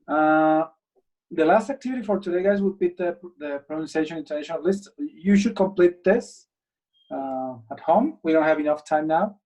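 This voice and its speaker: Male English teacher, casual and encouraging, slightly high voice, distant mic. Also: mellow. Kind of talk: live online class.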